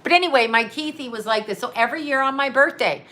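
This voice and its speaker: On a casual livestream, a middle-aged psychic medium and astrologer tells a meandering story, laughing often and swearing freely. Her fast, slightly high voice has a bright, forceful edge. She drifts off topic and reads comments aloud as she chats.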